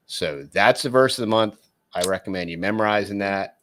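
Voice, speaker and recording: Low-voiced Texan man hosting a podcast. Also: a little fast, a bit bright. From Texas. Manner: rambling, folksy, lots of fillers. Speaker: podcast co-host. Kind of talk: casual podcast chat.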